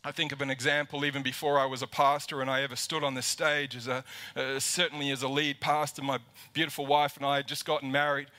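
A man's voice: medium pitch, little pitch movement, fast, bright, forceful tone. A man preaching a livestreamed sermon as lead pastor to a camera in an empty church auditorium, impassioned and repeating words as he builds emphasis.

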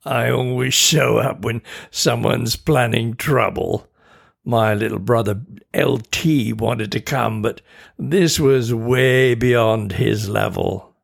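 A man voicing a small, sneering male imp who gloats in slow, mocking taunts. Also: medium pitch, vocal fry, breathy edge, heavily acted. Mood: gloating.

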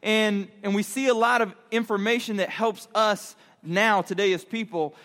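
A man preaching to a youth group, animated and conversational, telling a story and laughing along. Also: high voice, normal speed. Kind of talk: storytelling sermon. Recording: long hall reverb.

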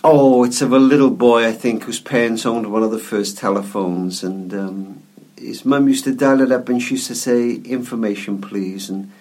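In an interview, a male guest author and speaker tells a story gently and reflectively, often repeating words as he goes. His voice sits in the mid range, and he talks at a normal speed.

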